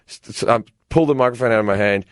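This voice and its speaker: A man telling a long comic story on a podcast in a rambling, animated way, restarting his sentences often. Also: medium pitch, rapid-fire, no echo, studio quality. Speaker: guest comedian.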